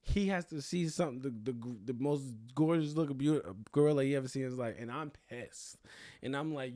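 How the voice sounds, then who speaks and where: A man's voice: mid-range voice, fairly quick, no room sound, clean studio sound. A young man hosting a podcast, telling a crude, comedic story with lots of swearing and bragging. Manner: animated, profane, crude bragging humor. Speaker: podcast host.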